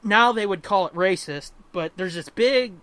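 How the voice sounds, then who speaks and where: A man co-hosts a casual podcast, talking in a bright, ringing tone. He rants with plenty of swearing and lively energy. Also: high voice, normal speed, no room sound. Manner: profane, animated ranting with laughter. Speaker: podcast co-host. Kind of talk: casual chat.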